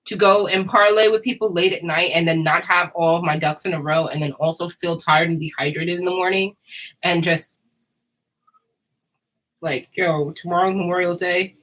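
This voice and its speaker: A woman's voice: fairly low pitch, a bit bright, poor audio. A woman, talking candidly to her viewers in a loose, slangy monologue full of laughs. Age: 30s. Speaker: vlogger. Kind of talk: casual monologue to camera.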